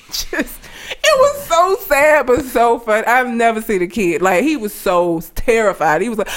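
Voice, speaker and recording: A woman chatting casually with a bright, lively voice that swoops up and down. She tells stories in an animated, profane way and laughs often. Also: fairly high pitch, normal speed. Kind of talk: casual chat.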